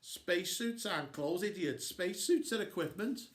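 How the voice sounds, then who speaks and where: A man's voice: high voice, expressive, moderate pace, reverberant. A man reading a story aloud, voicing a chatty, show-off young girl who brags and teases. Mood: scornful. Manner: bubbly and bragging.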